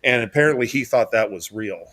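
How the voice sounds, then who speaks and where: A man in his fifties with a bright, forceful voice. He chats loosely on a comedy show and trips over his own words, restarting sentences. His pitch sits in an ordinary middle range. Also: lively intonation, brisk. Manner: hesitant, stammering restarts. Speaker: co-host. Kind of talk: casual comedic chat.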